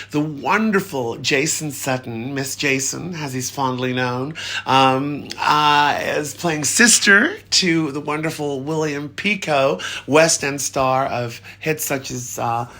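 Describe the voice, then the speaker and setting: A man hosts a theatre show, camp and effusive, calling listeners "honey" and "darling" while in pain from an injured arm. His medium-pitched voice is bright and forceful, and he keeps laughing mid-sentence.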